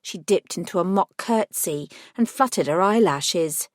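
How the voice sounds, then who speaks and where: A woman reading a first-person paranormal audiobook with wry, measured narration. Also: on the low side, animated, dry recording, clean studio sound.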